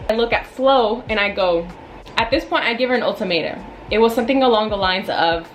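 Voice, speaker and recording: A woman in her twenties telling a storytime vlog in a blunt, casual, venting way, with animated asides. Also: fairly high pitch, fairly quick, slight background noise, rough recording. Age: 20s. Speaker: vlogger.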